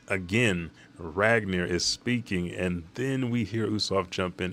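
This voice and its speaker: A man with a deep voice recapping a comic chapter in a loose, rambling way. He swears freely and backtracks as he goes. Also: a little slow, hardly any pauses, a bit bright. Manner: casual, profane, rambling. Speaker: manga chapter reviewer.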